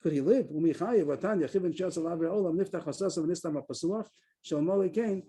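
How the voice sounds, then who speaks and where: Man, Talmud teacher, rapid delivery, dark husky voice, video call. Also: high voice. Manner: explains quickly, repeats phrases, reads Aramaic text aloud. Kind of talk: Daf Yomi class on a video call.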